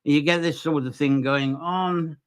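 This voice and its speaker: A man's voice: on the high side, steady tone, measured pace, clear, resonant tone. A man hosting a live nature folklore stream from Ireland, talking loosely with many fillers and restarts. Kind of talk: live-streamed solo talk.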